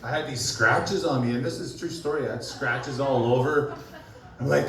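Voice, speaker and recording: On a comedy club stage, a male stand-up comedian rambles through a crude set, frequently laughing at his own jokes. His voice is fairly high and brisk, captured from far off in an echoey club with audience noise around him.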